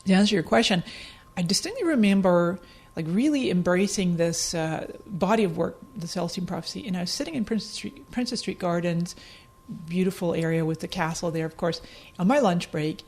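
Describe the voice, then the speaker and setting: A middle-aged woman with a Scottish accent, a podcast guest telling stories in casual talk. She laughs often and acts out her own past remarks in a higher voice. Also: a little fast, a little mellow. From Scotland. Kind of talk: casual storytelling interview.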